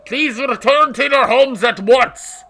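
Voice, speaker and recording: A stern male soldier barks orders in a high, strained, bright voice, as a man puts him on. There is a gravelly rasp under the shouting and the pitch leaps around, officious and commanding, like a loudspeaker warning in a game. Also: slow pace, heavily acted.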